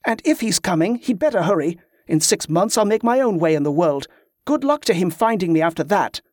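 A man reading aloud, voicing an angry, defiant teenage boy who speaks in a sharp, bitter way. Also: high-pitched, animated, fairly quick, no room sound, clean studio sound.

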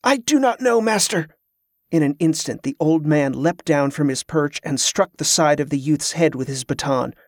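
A man narrating a fantasy novel in a steady, measured storytelling voice. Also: a little high, dry recording, studio quality.

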